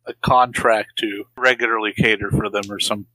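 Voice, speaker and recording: A man's voice: on the low side, flat delivery, normal speed, bright, forceful tone, rough recording. A man co-hosting a podcast, chatting casually with dry, laid-back asides. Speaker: podcast co-host. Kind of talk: casual movie-riffing chat.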